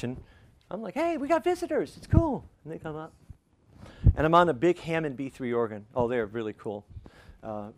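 An older man preaching a sermon, telling a personal story in a conversational, animated way and acting out the voices of the people in it. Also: mid-range voice. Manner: conversational, animated, acts out quotes. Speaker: pastor.

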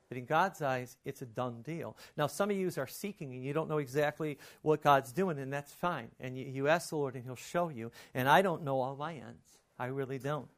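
A middle-aged male pastor preaching a sermon in a conversational way, often calling his listeners guys. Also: fairly high pitch.

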